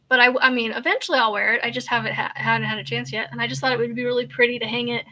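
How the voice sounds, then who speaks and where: A woman's voice: fairly high pitch, bright, forceful tone. A woman, hosting a casual crochet live chat in a rambling, hesitant way with many fillers and sighs. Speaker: crochet channel host.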